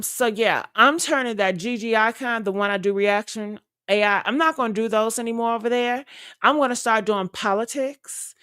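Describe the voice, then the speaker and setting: A woman's voice: mid-range voice, a bit bright, smooth, dry recording, studio quality. A young woman streamer chatting casually and loosely to her viewers, rambling with fillers and laughter. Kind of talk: casual live-stream chat.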